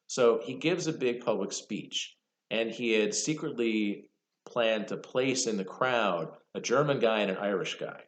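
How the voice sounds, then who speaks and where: A man giving a university history lecture, conversational and lively, telling the story with casual asides. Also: fairly low pitch, roomy sound. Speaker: history professor.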